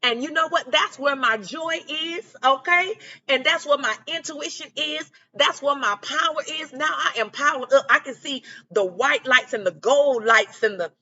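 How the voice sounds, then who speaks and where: A woman delivers a motivational spiritual talk in a relaxed, colloquial way, leaning on friendly check-ins with her listeners. Her voice sits high and sounds bright. The recording is a little dull and lo-fi. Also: moderate pace. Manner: casual, encouraging, colloquial, repeats "okay?" and "you know what I'm saying?". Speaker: spiritual guidance creator.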